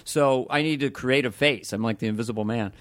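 An older man, a comedian, chatting casually on a podcast, animated and quick to slip into voices. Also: medium pitch, no echo, clean studio sound. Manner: animated, jumps into voices and laughs often. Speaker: comedian guest.

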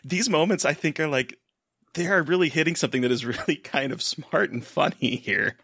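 A man with a bright, forceful voice fondly recounts favorite movie moments in a casual podcast chat. The recording is dry and close, with no room sound. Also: on the high side, a little fast, gravelly, husky, no room sound. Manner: amused, fond, storytelling. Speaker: podcast co-host.

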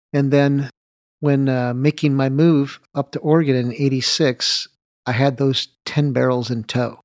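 A man's voice: mid-range voice, no room sound, studio quality. A man, a winemaker, tells a long anecdote in an interview and acts out both sides of the conversation with light laughs. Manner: anecdotal, animated retelling of dialogue with light laughs. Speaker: winemaker guest. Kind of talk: storytelling interview.

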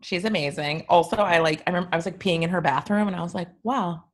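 A woman's voice: lowish voice, fast talker. A woman, chatting as a podcast guest, telling blunt stories and acting out what people said. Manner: blunt, storytelling with quoted voices. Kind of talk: casual chat.

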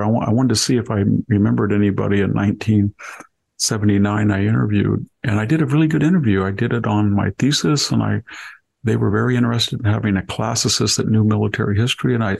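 A man's voice: lowish voice, fast talker, gravelly, a little mellow, husky. An older man telling wry stories of his school days in casual conversation, laughing as he goes. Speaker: podcast host. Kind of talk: conversational storytelling.

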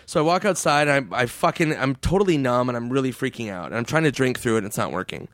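A man in casual podcast chat, telling road stories with frequent laughs and swearing, jumping into a high goofy voice for quoted people. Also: lively intonation, fast, fairly bright tone, dry recording, clean studio sound. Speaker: podcast guest.

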